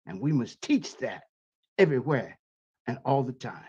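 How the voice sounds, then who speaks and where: A man with a husky voice who talks with preacherly force, piling up repeated phrases and rhetorical questions. His pitch swings widely, rising and sinking for emphasis. The audio is dull and lo-fi. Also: sing-song, moderate pace, mellow. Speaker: interview guest, scholar. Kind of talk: impassioned spoken commentary.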